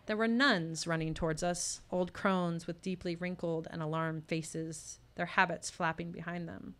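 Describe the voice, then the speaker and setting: A woman performs a true story live on stage, her voice bright and crisp. She tells it with care and shifts into short lines of quoted dialogue along the way. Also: on the low side, steady tone, a little slow. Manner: personal story told with tense quoted dialogue. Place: live showcase venue.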